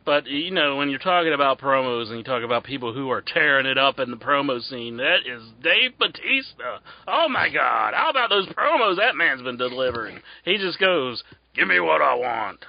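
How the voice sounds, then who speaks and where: A man's voice: medium pitch, expressive, moderate pace, hardly any pauses. West virginian guy rambling on a podcast, voice goes up and down a lot, kinda muffled. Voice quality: rambling, with many restarts and frequent "mm-hmm". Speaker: podcast co-host. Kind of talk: casual chat.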